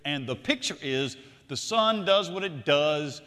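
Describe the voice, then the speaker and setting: A man preaching a sermon, animated, shifting between loud emphatic lines and quiet asides. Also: fairly high pitch, measured pace, in a large hall. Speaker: pastor.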